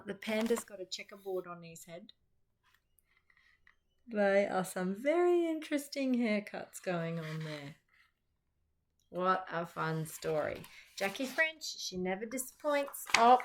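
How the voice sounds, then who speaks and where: A middle-aged Australian woman and teacher reading a picture book aloud to children, with chatty, lively asides. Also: medium pitch, unhurried, long pauses, a little hiss or hum. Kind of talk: children's storytime read-aloud.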